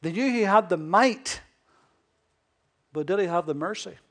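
High-voiced emphatic male preacher. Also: expressive, measured pace. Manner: emphatic, with rhetorical questions and swings between loud and hushed. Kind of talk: sermon.

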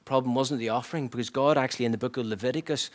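A man preaching a sermon in an earnest, reflective way, often dropping to a hushed near-whisper. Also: medium pitch, fairly even intonation, very fast.

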